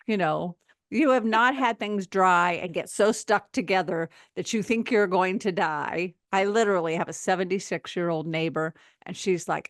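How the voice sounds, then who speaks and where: A woman in her sixties chatting on a health talk show, telling stories in an animated way and acting out the voices of others. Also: medium pitch, normal speed, no echo, clean studio sound. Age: 60s. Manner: animated storyteller, acts out quoted voices. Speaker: health podcast co-host. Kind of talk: casual chat.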